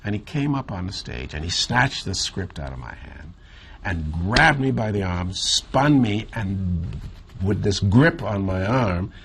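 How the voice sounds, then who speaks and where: A man from the Bahamas with a Caribbean accent, telling a reflective story in an interview in a measured, thoughtful way with drawn-out pauses. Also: deep voice, expressive, vocal fry, a bit bright, slight background noise. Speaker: interview guest.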